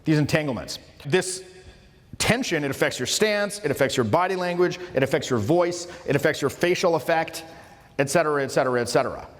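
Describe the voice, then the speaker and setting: A man's voice: fairly high pitch, expressive, a little fast. A man coaching social skills in a casual lecture, emphatic and informal, often restarting his phrases. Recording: long reverberant room sound.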